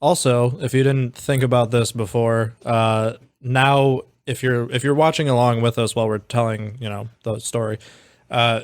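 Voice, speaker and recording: A man's voice: medium pitch, flat delivery, moderate pace, no echo, studio quality. A man co-hosting a podcast, talking in a laid-back, slightly hesitant way. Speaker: podcast co-host. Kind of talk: casual chat.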